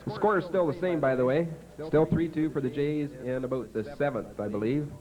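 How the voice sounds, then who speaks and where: Folksy Canadian festival emcee. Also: male voice, on the high side, brisk, rough recording. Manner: folksy, punning. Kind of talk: stage announcing and joke-telling. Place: outdoor small-town festival stage. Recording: home video with festival crowd.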